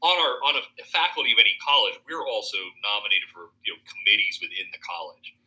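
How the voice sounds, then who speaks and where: Talking fast in a low, bright and forceful voice, a podcast guest in his thirties who teaches at a college keeps the conversation casual, with restarts and plenty of laughter. He's from Pennsylvania, and the recording quality is poor.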